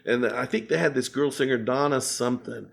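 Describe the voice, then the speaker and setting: A man's voice: medium pitch, a little fast, creaky, husky. An older man, a musician guest in an interview, animatedly telling a story and acting out the voices of the people in it.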